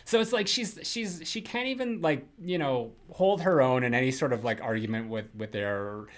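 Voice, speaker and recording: A young man co-hosting a casual film podcast, rambling and animated, mocking characters in quick put-on quotes. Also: medium pitch. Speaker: podcast co-host.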